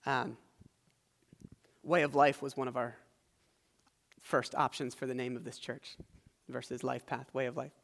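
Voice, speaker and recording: A man's voice: medium pitch, little pitch movement, measured pace, vocal fry, pauses often, fairly bright tone. A man preaching a sermon as the pastor of a church, retelling a scripture story in a conversational way with asides to the congregation. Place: church hall. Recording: large hall with long reverb.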